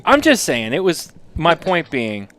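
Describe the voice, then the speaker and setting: American dude cohosting a chat show, rambly and teasing, clean smooth voice. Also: male voice, a little high, wildly swooping pitch, unhurried, a bit bright. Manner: teasing, rambling, laughs often. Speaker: podcast co-host. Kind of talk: casual banter.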